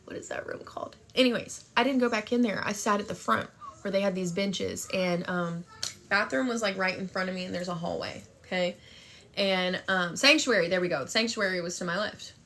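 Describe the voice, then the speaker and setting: A woman's voice: mid-range voice, a little fast, a bit bright, a little hiss or hum. A young woman telling a story and chatting on a phone livestream, brash and profane, thanking viewers for gifts. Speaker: TikTok live streamer.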